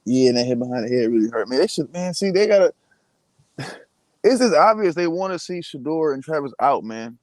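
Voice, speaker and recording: Male guest, mid-pitch, dry close sound, animated complaining. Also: a little fast, no echo. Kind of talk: casual chat.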